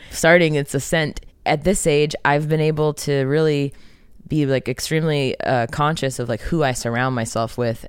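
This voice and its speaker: A woman's voice: extremely low pitch, smooth, no room sound, studio quality. A woman singer in a band, talking candidly and expressively in a casual interview and swearing freely.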